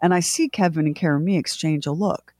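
A middle-aged woman co-hosting a morning radio show retells a family story in an animated, dramatic way, full of restarts and acted-out quotes. Her voice sits low and moves fairly quick. The casual on-air storytelling has studio-quality sound with no room sound.

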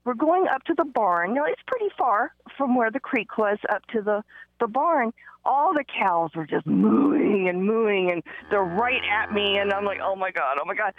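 Excitable woman calling in by phone. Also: medium pitch, measured pace, no room sound. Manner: rambling, excitable, many fillers and restarts. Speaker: caller. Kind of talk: phone-in storytelling. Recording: muffled phone line, dry.

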